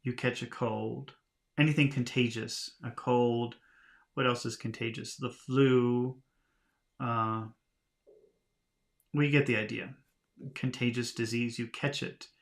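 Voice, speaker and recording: A man teaching English vocabulary by reading a storybook aloud, talking in a relaxed, chatty way and laughing at himself. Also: mid-range voice, slow pace, long pauses. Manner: relaxed, chatty, laughs at himself, lively voices for quoted lines.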